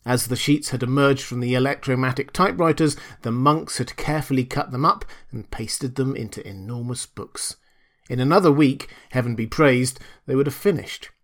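Man narrating a story. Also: mid-range voice. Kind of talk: scripted audiobook narration.

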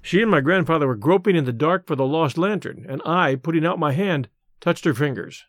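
A man narrating an audiobook in a measured, expressive way. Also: fairly high pitch, dry recording, studio quality.

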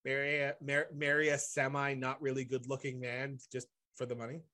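A man's voice: mid-range voice, completely flat delivery, a little fast, sharp tone. A man co-hosting a casual podcast chat, joking and sarcastic, with rambling asides. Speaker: podcast co-host.

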